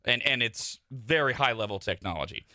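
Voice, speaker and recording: A man's voice: mid-range voice, lively intonation, brisk, bright, forceful tone. A man hosting a talk radio show, explaining things bluntly and with opinion, on a studio microphone.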